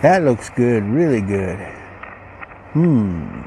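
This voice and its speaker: A man hosting a casual unboxing video, musing aloud in a slow, rambling way as he goes through a ration pack. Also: a little high, expressive, a little mellow, a little hiss or hum, poor audio. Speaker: channel host reviewing ration packs.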